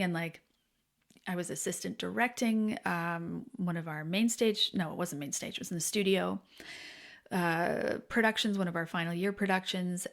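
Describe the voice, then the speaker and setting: A woman in her forties, a podcast host, telling a frank personal story in a candid, animated way that drops to soft, hushed tones. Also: fairly low pitch.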